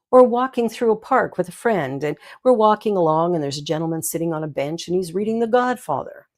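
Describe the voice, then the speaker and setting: Older female minister-host, low-pitched, storytelling with laughs and asides. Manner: warm storytelling with giggles and asides. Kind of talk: inspirational talk.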